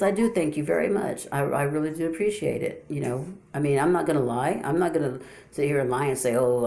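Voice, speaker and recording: A woman's voice: extremely low pitch, a little mellow. Woman YouTuber, unscripted and repetitive, stammers through rhetorical questions to her viewers. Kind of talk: casual unscripted monologue.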